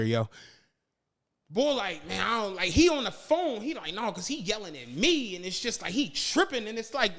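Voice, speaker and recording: A high-pitched man speaking at a moderate pace co-hosts a podcast. He tells a long, profane story in a casual chat, animatedly acting out the people in it.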